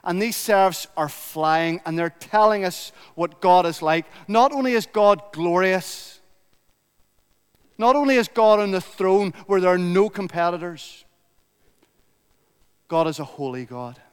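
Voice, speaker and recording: A man's voice: high voice, unhurried, smooth, big-room sound. A man preaching a sermon in a church, emphatic and building his points through repetition.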